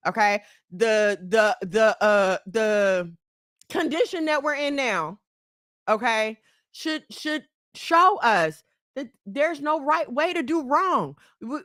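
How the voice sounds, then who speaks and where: A high-pitched woman lectures her audience head-on in a blunt, scolding way. She is middle-aged, animated, and quick to laugh. The voice sits close and dry, with hardly any room sound. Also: dry recording. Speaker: channel host. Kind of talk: preachy commentary to women.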